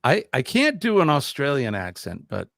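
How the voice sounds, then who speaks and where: A man's voice: medium pitch, huge pitch swings, normal speed, vocal fry, a bit bright, no room sound, studio quality. A man hosting a casual live stream, chatty and upbeat, reading out viewer comments during a quiz.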